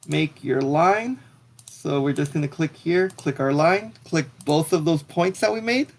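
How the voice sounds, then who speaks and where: A young man tutoring math, talking casually through a software walkthrough as he clicks, now and then apologizing for his slips. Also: a little high, creaky. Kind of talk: screen-recorded software tutorial.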